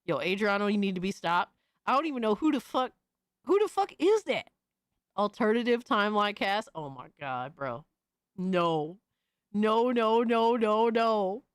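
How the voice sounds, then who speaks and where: A woman streamer reacting to clips live, with loud, incredulous exclaiming and cursing. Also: medium pitch, lively intonation, normal speed, clean tone, no echo, clean studio sound. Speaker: streamer host.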